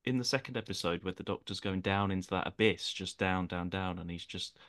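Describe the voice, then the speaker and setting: A man's voice: low-pitched, brisk, fairly bright tone. A man co-hosting a podcast, sharing his opinion in an enthusiastic, rambling way with lots of fillers. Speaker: podcast co-host. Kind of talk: casual chat, giving his opinion.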